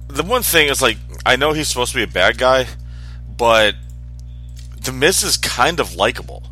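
A man with a bright, forward voice co-hosts a casual podcast. He talks in an animated way, often sarcastic and ranting, over faint background music. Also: mid-range voice, moderate pace. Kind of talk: casual chat.

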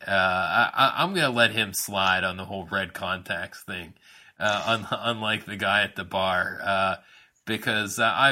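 A man's voice: deep voice, sharp tone. A man co-hosting a casual wrestling chat, rambling with many fillers and restarts and often laughing. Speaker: podcast co-host.

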